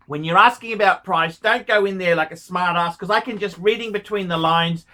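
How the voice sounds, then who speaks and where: A man bluntly answering viewer questions, scolding and swearing, often clearing his throat. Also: high-pitched, measured pace, bright, forceful tone. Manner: profane, scolding, ranting; frequent throat clearing and coughs. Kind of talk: blunt advice monologue.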